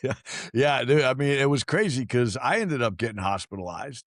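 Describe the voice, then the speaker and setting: A man's voice: mid-range voice, moderate pace, no echo, clean studio sound. A man hosting a podcast, chatting casually, laughing often and saying dude and bro. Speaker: podcast host. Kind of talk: casual interview chat.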